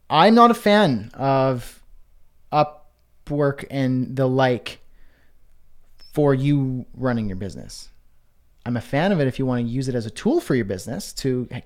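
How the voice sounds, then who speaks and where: A man hosting a live online Q&A, reading out viewers' comments and answering in a casual, chatty way with many fillers and restarts. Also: mid-range voice. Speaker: host.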